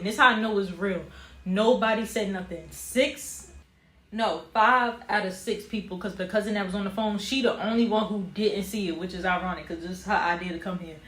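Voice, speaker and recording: A young woman telling a personal story in a casual vlog, animated, with casual slang. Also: mid-range voice, normal speed. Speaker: vlogger. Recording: roomy echo with faint ambient noise.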